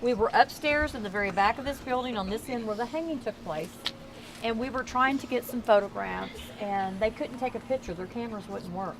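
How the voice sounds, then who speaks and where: A chatty middle-aged woman with a Southern Texas accent tells ghost stories on a night-time walking tour, raising her voice so the group can hear. Her voice sits a little high. Faint street noise runs under the recording from a tour member's camera. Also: brisk. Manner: chatty, folksy, projects to a crowd. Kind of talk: storytelling tour talk to a crowd. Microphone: camera held by a tour member.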